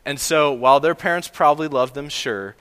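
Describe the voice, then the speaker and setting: A man's voice: on the high side, fairly quick, fairly bright tone, smooth, in a large hall. A man preaching a sermon to a congregation, earnest and emphatic, with frequent fillers and restarts. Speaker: pastor.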